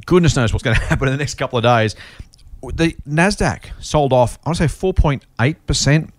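Fast-talking animated Australian man. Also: medium pitch, no room sound. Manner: animated, rambling, laughs between points. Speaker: podcast host. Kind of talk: casual finance podcast chat.

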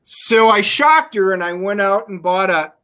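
A man on a talk show as a guest, telling animated stories over a video call. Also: sits high, measured pace. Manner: animated storytelling. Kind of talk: casual chat.

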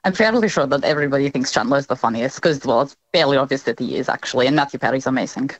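A woman guest delivering lines in a put-on accent for a guessing game, quick and confident. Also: extremely low pitch. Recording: dull remote audio line.

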